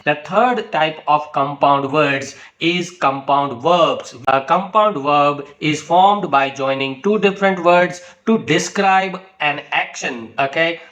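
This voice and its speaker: A man with a somewhat raised pitch delivers a spoken English lesson. He explains each rule step by step and spells words out letter by letter. He checks in often with little tags like "okay" and "you know". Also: slow pace, few pauses, a bit bright, muffled recording. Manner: tag questions and fillers like okay and you know. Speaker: English teacher.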